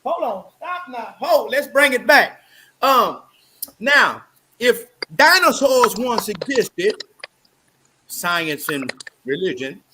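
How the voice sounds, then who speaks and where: A man on a discussion panel, ranting in a loud, profane and animated way. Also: very high voice, slow, pauses often, background noise.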